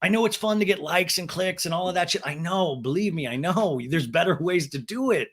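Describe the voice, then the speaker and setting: A sarcastic male podcast host giving comedic recap commentary, his speech full of swearing. His voice sits a little high and swoops a lot as he riffs. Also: a little fast, breathy edge. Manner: animated, sarcastic, profane.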